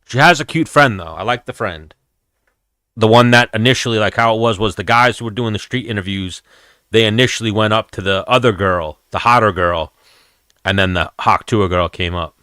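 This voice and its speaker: A man's voice: fairly low pitch, moderate pace, bright, forceful tone, clear, resonant tone, no echo, clean studio sound. A young man hosting a livestream, chatting loosely and rambling with a lot of profanity. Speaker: livestream host. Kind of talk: casual chat with live chat.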